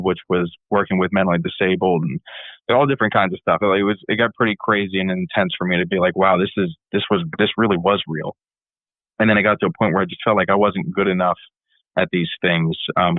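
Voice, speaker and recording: A man's voice: sits low, no room sound, narrow, tinny audio. A man in a casual interview telling a long personal story, rambling and often repeating his words. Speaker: band leader and musician.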